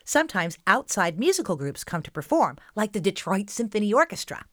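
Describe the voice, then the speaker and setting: A woman's voice: mid-range voice, sing-song, brisk, dry recording, studio quality. A woman hosting a children's show, giving upbeat scripted narration and speaking straight to young listeners.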